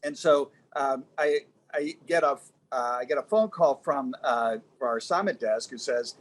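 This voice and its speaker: A man who is a former television news reporter, telling a story as a guest in a halting, reflective way. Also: medium pitch. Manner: halting, recollecting, pausing to find words. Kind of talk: casual anecdotal storytelling.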